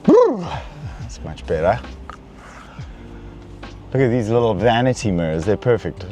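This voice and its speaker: A man's voice: low voice, a little mellow. A young man hosting a comedic car review from a car's back seat, in a playful, mock-pampered way. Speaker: host reviewing a luxury car.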